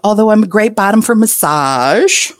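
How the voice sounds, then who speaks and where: A woman's voice: mid-range voice, expressive, moderate pace, no room sound, studio quality. A woman guest on a podcast, talking frankly and playfully and laughing often. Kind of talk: casual interview chat.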